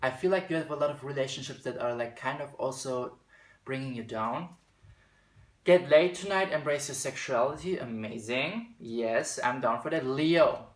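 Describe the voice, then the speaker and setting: There's a roomy sound to this medium-pitched male voice, which moves at a moderate pace. The speaker, a tarot reader, chats casually through a spiritual card reading, sometimes slipping into a British accent or reading the card text out loud.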